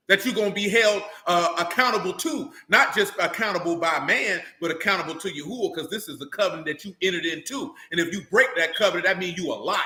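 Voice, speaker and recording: A man's voice: high-pitched, bright, forceful tone, reverberant. A man preaching a blunt, slang-filled sermon, often asking rhetorical questions of his listeners. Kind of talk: street-style sermon.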